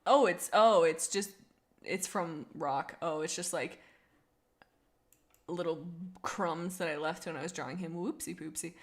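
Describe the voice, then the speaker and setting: A woman's voice: lowish voice, measured pace, pauses often. A young woman streaming casually, bubbly and giggly, rambling as she reads out viewer comments. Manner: bubbly, giggly and rambling, with many restarts and laughs. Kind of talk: casual livestream chat, reading out viewer comments.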